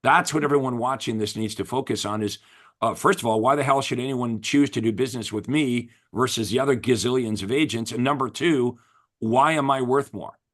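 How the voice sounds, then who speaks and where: A man's voice: medium pitch, fairly quick, a bit bright. Emphatic male real estate coach. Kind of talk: casual interview chat.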